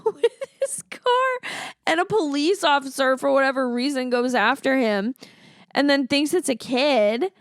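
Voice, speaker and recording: High-pitched woman slowly recapping a cheesy movie, amused, dry close mic. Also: expressive, dry recording. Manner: amused, laughs while retelling scenes. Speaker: podcast co-host. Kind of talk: casual movie-riffing chat.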